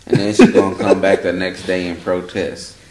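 A man hosting a podcast, talking in a profane, slangy, animated way. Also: deep voice, moderate pace, reverberant, a crowd in the background. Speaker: podcast host. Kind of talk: casual podcast chat.

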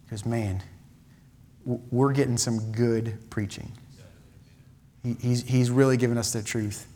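A man's voice: medium pitch, steady tone, a little slow, dark tone. A man preaching a sermon in a church, impassioned, with repeated phrases and many restarts. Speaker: pastor.

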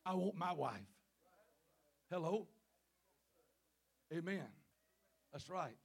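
A man with a high, gravelly voice preaches a sermon in a church. He calls out to the congregation again and again and swings from fervent, loud peaks down to quiet, low asides. He jokes with the crowd between his points. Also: lively intonation, slow pace, long pauses. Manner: calls out "Amen?" and "Hello?" to the congregation. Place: church sanctuary.

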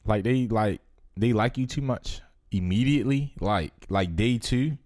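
A man's voice: on the low side, unhurried. A young man co-hosting a casual podcast, telling stories and acting out what other people said. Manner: animated storytelling, acting out quoted voices. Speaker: podcast co-host. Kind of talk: casual chat.

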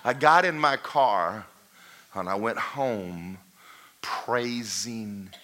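A man preaching a sermon who tells a parable with animated storytelling and acts out the voices of its characters. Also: on the low side, very slow. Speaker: pastor.

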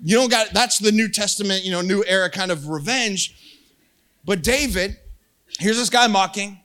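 A man preaching a casual, jokey sermon, telling a story and acting out quotes. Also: moderate pace. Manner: animated, jokey, acts out quotes with rising pitch. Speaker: pastor.

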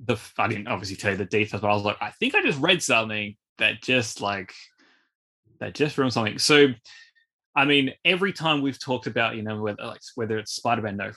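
A man co-hosting a casual film review podcast, talking in a rambling, animated way and repeating his words. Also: fairly low pitch, fast talker. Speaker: podcast co-host.

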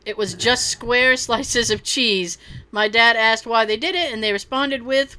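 A woman's voice: fairly high pitch, unhurried, bright, forceful tone. A woman co-hosting a casual podcast, reading listener stories aloud, often laughing and swearing casually. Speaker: podcast co-host.

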